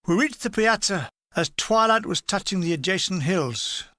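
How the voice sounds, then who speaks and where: A man's voice: high voice, lively intonation, moderate pace, pushed and bright, no room sound. A man reading a humorous war memoir aloud in a dry, playful storytelling manner. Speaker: audiobook reader.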